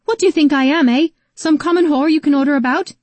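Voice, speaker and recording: A woman narrator voicing a strong-willed young woman who is shaken and quick to flare, speaking with intensity. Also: warm tone, husky, dry recording. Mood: furious. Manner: intense, her pitch leaping up as she grows angry.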